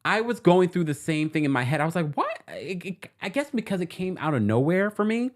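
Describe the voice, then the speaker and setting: A man's voice: high voice, brisk. A man hosting a casual reality TV recap stream, chatting and laughing and reading out viewer comments. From New York City. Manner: animated and chatty, laughing often. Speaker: host of a reality TV recap show.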